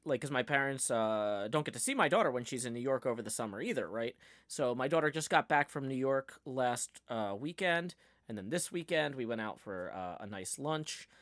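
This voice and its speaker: A man's voice: medium pitch, a bit bright, dry recording, studio quality. Rambling, chatty man streaming from home. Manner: rambling, filler-heavy, quick to laugh. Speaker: livestream host. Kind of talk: casual chat while building.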